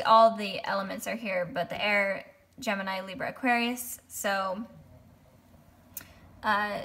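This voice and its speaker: Young woman doing a tarot reading, bright voice, lots of ums and restarts. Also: medium pitch. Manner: hesitant, many ums and restarts. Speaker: tarot reader. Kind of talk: casual tarot reading to camera.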